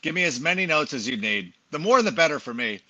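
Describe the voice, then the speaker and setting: A man's voice: a little high, expressive, fast talker, sharp tone. A middle-aged man chatting as a podcast guest, telling rambling self-deprecating stories full of fillers. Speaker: podcast guest, fantasy football analyst. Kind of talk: casual chat.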